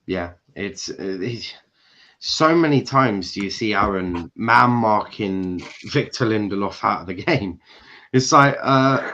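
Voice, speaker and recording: A man's voice: fairly low pitch, very animated, measured pace. Man, football stream host, casual chat, slightly muffled lo-fi audio. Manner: chatty, swearing, mimics frustrated shouting.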